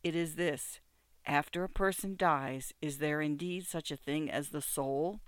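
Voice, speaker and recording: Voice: mid-range voice, measured pace, no echo, close to an everyday voice. A reader voicing an earnest, worn-out beggar woman. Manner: intense, earnest questioning. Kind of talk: audiobook character voice.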